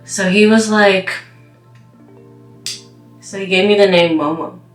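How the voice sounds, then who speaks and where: A woman's voice: medium pitch, steady tone, slow. A young woman vlogger telling a rambling storytime while doing her makeup, full of "like" and "you know.". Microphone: camera mic. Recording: roomy echo with background music.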